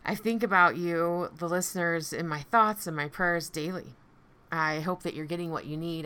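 Woman podcast host and coach, low-pitched, forceful tone, heartfelt reflective solo talk. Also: clear, resonant tone. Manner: earnest, heartfelt, repeats phrases for emphasis. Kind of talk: personal reflective podcast monologue.

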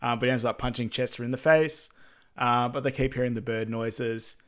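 A man co-hosting a podcast, casually recapping a movie from his notes, relaxed, with many ums. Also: medium pitch, brisk. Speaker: podcast co-host. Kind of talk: casual film recap chat.

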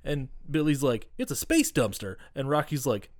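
A man chatting on a podcast, retelling scenes with a voice that swings high and low as he acts out the characters. He swears freely and keeps things loose and animated. The sound is dry and close. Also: normal speed, no room sound. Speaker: podcast co-host. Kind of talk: casual podcast recap chat.

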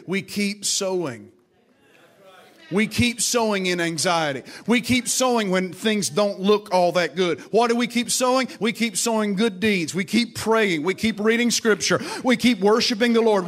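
A high-voiced man preaches to a congregation with emphasis and drive. He repeats key lines and urges the listeners to call back and turn to each other. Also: a bit bright. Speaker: pastor. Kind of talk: sermon. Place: church service with congregation.

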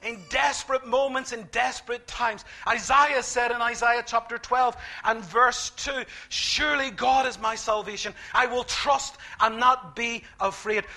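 A man preaching a sermon, emphatic, repeating key phrases and swinging between quiet, slow lines and loud ones. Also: very high-pitched, fairly even intonation.

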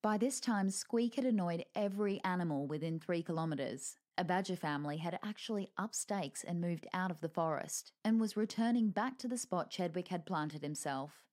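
A woman's voice: fairly low pitch, normal speed, few pauses, darkish tone. A woman reading a lighthearted fantasy story aloud with wry narration.

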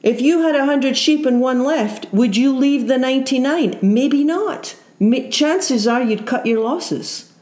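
A woman's voice: high-pitched, a little slow, few pauses, darkish tone. A woman preacher giving an earnest sermon, full of rhetorical questions and repeated phrases. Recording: roomy echo.

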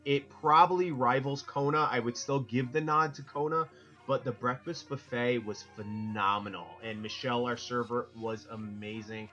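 A man's voice: mid-range voice, moderate pace, pushed and bright, faint music behind, rough recording. A middle-aged man from Connecticut, co-hosting a casual podcast roundtable, rambling and joking and cutting himself off mid-sentence. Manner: rambling, jokey, self-interrupting. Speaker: podcast co-host.

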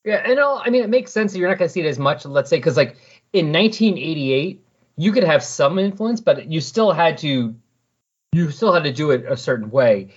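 A man's voice: fairly high pitch, animated, brisk, husky, muffled recording. A man hosting a podcast, recapping comic book scenes in casual chat and animatedly acting out the characters' lines. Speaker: podcast host.

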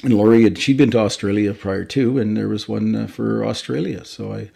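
A man's voice: on the low side, fairly even intonation, a little fast, creaky, mellow, slightly rough. A man in his fifties from Canada, a fire chief telling stories in a casual interview, rambling and correcting himself as he goes. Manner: rambling, self-correcting storyteller.

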